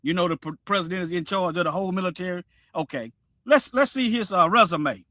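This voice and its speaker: Brief: male stream host, preachy and repetitive, sharp high voice. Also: brisk, no room sound, clean studio sound. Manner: preachy, repeats himself, animated. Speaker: livestream host. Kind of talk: casual commentary livestream.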